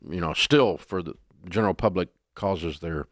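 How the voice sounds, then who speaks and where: A man telling folksy, animated stories as a guest in a casual interview. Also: low-pitched, normal speed, no echo, clean studio sound.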